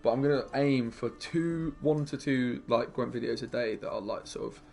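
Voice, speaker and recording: A man's voice: mid-range voice, moderate pace, gravelly, a little mellow, faint music behind. A young man streaming a card game, chatting casually with his viewers and muttering about his plays. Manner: chatty, laid-back, mumbles asides to himself.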